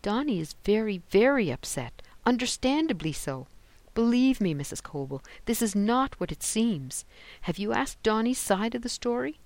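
A reader voicing Cal, a smooth tutor. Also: medium pitch, big pitch swings, moderate pace, dry recording, voice pushed up. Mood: calm. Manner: smooth, soothing, self-assured. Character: calm persuasive male tutor.

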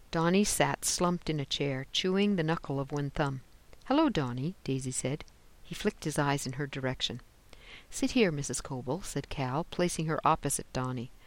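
An audiobook narrator giving steady scripted narration on a close mic. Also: mid-range voice. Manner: steady storytelling, lifts for quoted lines.

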